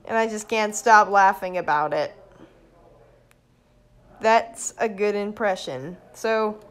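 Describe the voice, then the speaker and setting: A woman, vlogging casually at home and excitedly showing things off to her phone camera. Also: a little high. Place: indoors at home.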